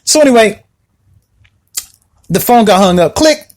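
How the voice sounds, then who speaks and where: A man hosting a podcast, telling a personal story in a casual, animated way, with many restarts and repetitions. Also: high voice, quick pace. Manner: animated, acts out the people in his story. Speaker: podcast host.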